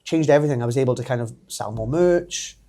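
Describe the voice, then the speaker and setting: A man in his thirties with a Welsh accent, a wrestler telling his story as a podcast guest, animated and laughing often. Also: medium pitch, fast talker. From Wales. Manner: animated, laughs often, acts out quoted voices. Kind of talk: casual storytelling interview.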